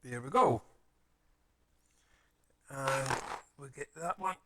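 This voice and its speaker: A man's voice: medium pitch, slow, pushed and bright. A man chatting playfully as he builds a paper model, muttering to himself and making silly sound effects.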